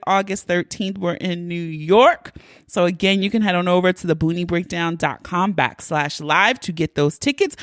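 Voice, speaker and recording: A woman's voice: on the low side, no room sound, studio quality. Chatty, profane woman podcast host. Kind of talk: casual podcast monologue.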